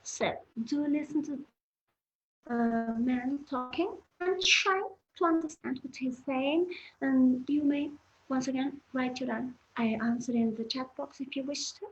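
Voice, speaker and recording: Woman, higher voice, encouraging webinar teacher, muffled lo-fi audio. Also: a little slow. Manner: encouraging, explains patiently, addresses the chat. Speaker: English pronunciation teacher. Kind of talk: online webinar lesson.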